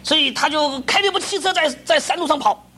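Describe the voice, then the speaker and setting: A man telling his own story as a testimony, pausing for an interpreter, animated and laughing as he acts out the scenes. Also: very high-pitched.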